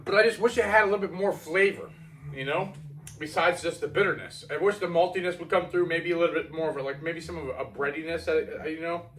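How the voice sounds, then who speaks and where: A man's voice: fairly high pitch, fast, a bit bright, a little hiss or hum. Rambling man reviewing homebrew beer. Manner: rambling, self-correcting, chatty. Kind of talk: casual product review.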